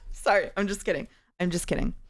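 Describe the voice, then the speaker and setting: A woman hosting a stream, chatting playfully and joking with a guest as they play music guessing games. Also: fairly low pitch. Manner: playful, giggly, jokey. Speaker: streamer host. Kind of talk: casual chat while playing music games.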